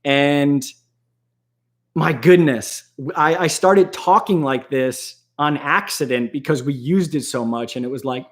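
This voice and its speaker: Host: man, casual live-stream talker, rambling, laughs often, slightly high voice. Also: animated, slow pace.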